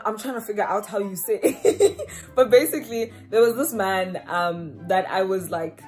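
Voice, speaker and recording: A woman's voice: medium pitch, a little mellow. A young woman from South Africa chats straight to camera in a loose, slangy vlog style, breaking into laughter often. Her nose sounds slightly runny. Faint music plays underneath. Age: young adult. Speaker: vlogger. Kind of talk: casual vlog chat to camera.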